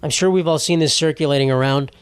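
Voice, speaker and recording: A man's voice: a little high, fast talker, clean tone, no room sound. A man hosting a solo podcast, chatting casually in a rambling, profane, wisecracking way. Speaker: podcast host.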